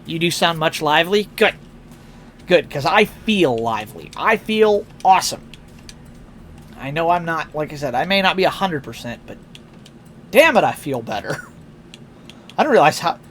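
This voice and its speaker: A tired man chatting casually on a live stream through a headset, rambling with fillers and restarts. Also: on the high side. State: tired, yawning.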